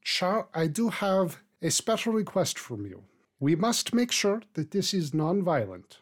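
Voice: medium pitch, sing-song, measured pace. A performer doing a genteel woman over eighty. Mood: gracious. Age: older. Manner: genteel, formal, wandering put-on accent. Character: elderly female labor organizer, over eighty, gracious.

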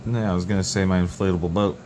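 Very deep-voiced man with dry quips. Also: steady tone, rapid-fire, darkish tone, slight background noise. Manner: dry one-liners. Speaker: podcast co-host. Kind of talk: absurd comedic banter.

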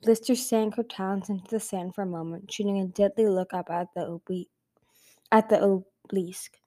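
A woman reads a fantasy novel aloud for an amateur audiobook, in a mellow, soft-toned voice. She reads carefully and goes back to fix her slips now and then. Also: medium pitch, fairly even intonation, normal speed. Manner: careful reading with frequent self-corrections. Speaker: audiobook reader.

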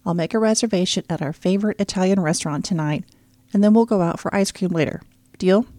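A woman's voice: fairly low pitch, fast talker, mellow, no echo, close to an everyday voice. A woman voicing a firm, protective middle-aged father in an audiobook, speaking in coaxing and stern turns. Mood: gentle. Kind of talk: audiobook character reading.

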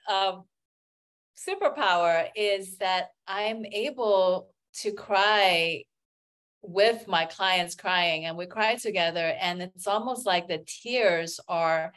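A woman working as an acupuncturist and healer, telling stories as a guest in a casual interview, with many "you know" fillers. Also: medium pitch.

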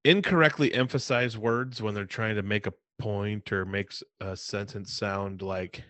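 A man co-hosting a podcast who rants with animated exasperation. His voice is bright and forceful. The recording is dry and close. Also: on the low side, unhurried, dry recording. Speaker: podcast co-host. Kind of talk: casual chat.

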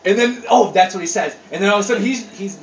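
High-voiced guy rambling and cursing on a podcast, kinda far off the mic, echoey room. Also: fast talker. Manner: animated, profane, rambling storyteller. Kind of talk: casual chat. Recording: roomy echo, distant mic, faint noise.

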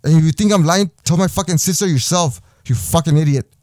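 A man's voice: a little high, a little fast, darkish tone, no room sound, studio quality. A young man hosting a podcast, delivering a heated, profanity-laden personal rant with lots of repetition. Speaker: podcast host.

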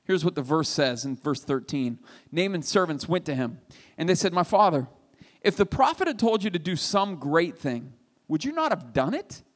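A man preaching a sermon, retelling a story with animated, emphatic delivery. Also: fairly high pitch, moderate pace. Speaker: pastor. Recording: reverberant hall.

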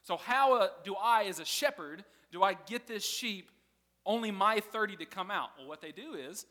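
A man's voice: high-pitched, animated, normal speed, pushed and bright, in a large hall. A man preaching a sermon in a casual, conversational way, often laughing as he teaches. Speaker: pastor.

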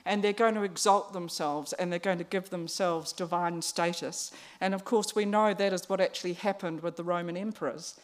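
A woman preaching a conversational sermon, pausing on fillers and restarts. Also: lowish voice, steady tone.

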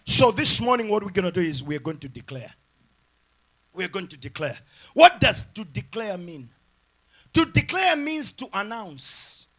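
A pastor preaching a sermon with emphatic repeated phrases, swinging from loud shouted lines down to quiet asides. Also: male voice, high voice, very animated, unhurried.

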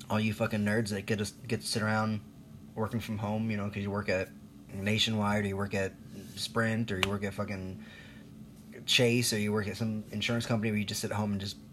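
A vlogger in his thirties delivers a rambling, profane, sarcastic rant, now and then laughing at himself. His voice is fairly low in pitch with a fairly bright tone, and there's slight background noise.

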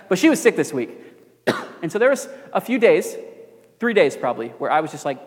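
A young man preaching a sermon as pastor, earnest, moving between emphatic preaching and quiet, confiding storytelling. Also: fairly high pitch, sing-song, moderate pace, pauses often. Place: church sanctuary. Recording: long reverb of a church hall.

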